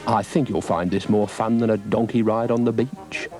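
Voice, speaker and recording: A man's voice: fairly low pitch, fairly even intonation, moderate pace, darkish tone, soft background music, lightly acted. A man voicing a pompous, self-important male dog with a fondness for sugar.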